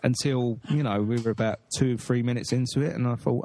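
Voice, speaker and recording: A man's voice: mid-range voice, a little fast, warm tone. A man hosting a podcast in casual chat, rambling and blunt, with frequent swearing. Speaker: podcast host.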